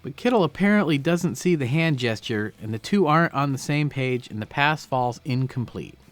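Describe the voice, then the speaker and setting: A man's voice: mid-range voice, lively intonation, normal speed, soft background music. A man breaking down football game film, explaining each play and stressing key words.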